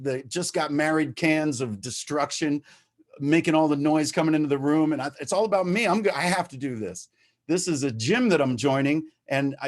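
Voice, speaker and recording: A man telling his story at a recovery meeting over a video call, talking candidly, swearing freely and getting worked up as he goes. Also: a little high. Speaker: recovering addict sharing at a meeting. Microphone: video-call microphone.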